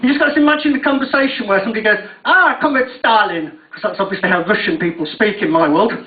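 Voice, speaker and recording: A man's voice: high-pitched, expressive, very fast. A young man working through a stand-up set, swearing freely and poking fun at himself. He sounds distant from the mic, with the hall's echo ringing around him. The whole thing comes through thin and tinny, like it was caught on a phone. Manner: self-mocking, sweary, admits nerves. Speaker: stand-up comedian. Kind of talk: stand-up comedy routine. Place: on stage at a university venue. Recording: tinny, distant, echoey live recording.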